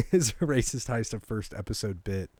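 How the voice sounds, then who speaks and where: Young male podcast host, low voice, dry close sound, loose rambling delivery with chuckles. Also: lively intonation, normal speed, darkish tone, no room sound. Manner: casual, meandering, chuckles at own jokes, irreverent. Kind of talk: rambling comedy podcast monologue.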